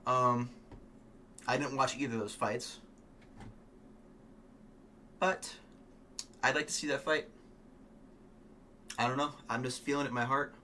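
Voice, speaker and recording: A man giving casual, rambling, opinionated fight commentary, swearing often and filling pauses with ums. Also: mid-range voice, fairly even intonation, sharp tone, slight background noise. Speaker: MMA fan vlogger.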